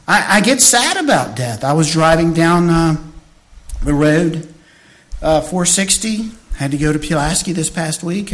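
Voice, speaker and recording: An older man preaching a sermon as pastor, swinging between shouted lines and soft, hushed storytelling. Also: a little high.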